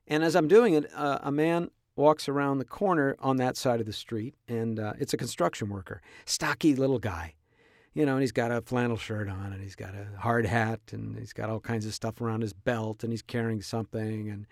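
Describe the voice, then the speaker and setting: A middle-aged podcast host from Southern California rambles through a story in a loose, chatty monologue. His voice sits in an ordinary middle pitch. It is recorded close and dry, with no room sound. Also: fairly even intonation, a little fast, a little mellow, no room sound. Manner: rambling, with restarts and laughs.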